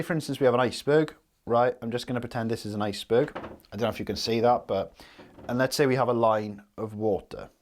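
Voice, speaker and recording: A man teaching sales at a whiteboard, his voice sitting on the lower side. He talks straight to the point and keeps checking in with a quick "okay?" or "right?". It comes across as casual, hands-on coaching. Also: a little hiss or hum.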